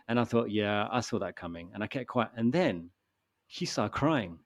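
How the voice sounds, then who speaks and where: A man hosting a podcast, telling stories in a quick, animated, casual way. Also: on the low side. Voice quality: fast, animated storytelling. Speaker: podcast host. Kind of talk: casual chat.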